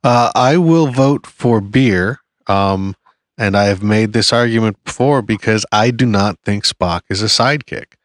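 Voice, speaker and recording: A man's voice: on the low side, unhurried, dry recording, studio quality. A man on a panel, arguing his vote in a hesitant way with many fillers and restarts. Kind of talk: casual debate.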